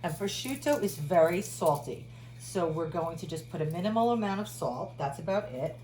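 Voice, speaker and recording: A woman's voice: on the low side, expressive, normal speed. A woman chef giving a chatty, upbeat home cooking demonstration in her kitchen. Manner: chatty and upbeat, laughs at herself. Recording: loud background noise.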